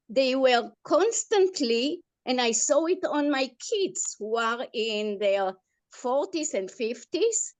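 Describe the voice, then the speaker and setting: Slow, earnest older woman. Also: high voice, no echo. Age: 70s. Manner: earnest, emphatic, halting restarts. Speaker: discussion participant. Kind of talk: impassioned group discussion.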